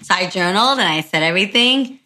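A woman telling a story in casual podcast chat, animated and chatty, often saying "like" and calling the listeners y'all. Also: mid-range voice, fast. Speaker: podcast host and spiritual practitioner.

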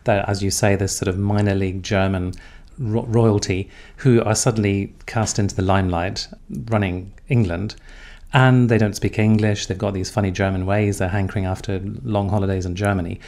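A man with a somewhat low voice puts questions to a guest on a podcast. He frames them in a measured, conversational way. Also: steady tone, darkish tone. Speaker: podcast interviewer. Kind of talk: interview questions.

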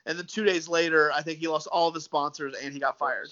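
A man's voice: a little high, fairly even intonation, quick pace, sharp tone. A man talking casually as a guest, easygoing and given to repeating words, calling the host dude and man. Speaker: sports podcaster guest. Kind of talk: casual chat. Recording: slightly dull lo-fi sound.

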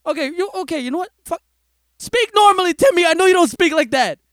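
A man co-hosting a podcast, telling an improvised comedic story in an animated, profane way and laughing often. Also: very high-pitched, fast talker, no room sound, studio quality.

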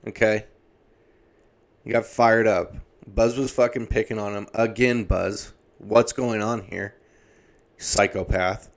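A man's voice: on the low side, steady tone, measured pace. A man in his thirties ranting comedically, exasperated and swearing heavily. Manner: profane, exasperated, heavy swearing. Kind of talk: comedic rant.

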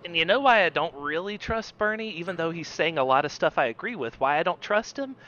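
A man in casual chat, opinionated and quick to jump into comic bits. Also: on the high side, animated, bright, forceful tone. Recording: dull lo-fi sound.

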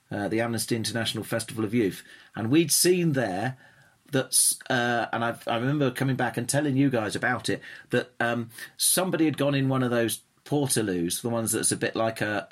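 A man chatting casually on a podcast, telling stories in a halting, rambling way with many restarts. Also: mid-range voice, a bit bright. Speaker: podcast co-host. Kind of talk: casual chat.

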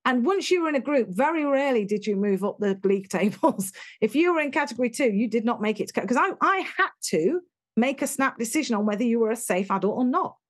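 A British woman talking in an interview, telling stories in an animated, emphatic way and acting out what people said. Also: a little high, fast. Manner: animated, emphatic storyteller who acts out quotes. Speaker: interview guest, education speaker. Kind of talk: conversational interview.

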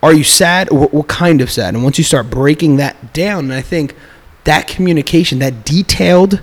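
A man in casual conversation, talking in an animated way, restarting his sentences and acting out what other people say. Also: a little high, normal speed. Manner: animated, restarts often, acts out quoted speech.

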